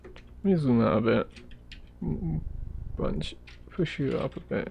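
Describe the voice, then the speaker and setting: Here a streamer draws live and chats in a relaxed, rambling manner, muttering as his attention drifts to the sketch. He speaks at a measured pace in an animated, creaky, darkish mid-range voice, with slight background noise.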